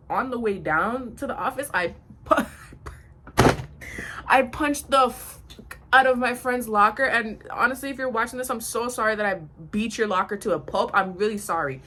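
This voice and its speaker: A woman in her twenties telling a storytime vlog in a blunt, slangy, animated way. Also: mid-range voice, a little hiss or hum. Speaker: vlogger.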